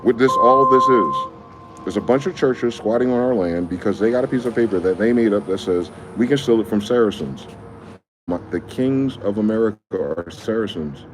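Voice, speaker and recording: A man's voice: lowish voice, normal speed, music in the background. A man vlogging in a heated monologue, reading a document aloud and breaking off into angry, profane rhetorical questions.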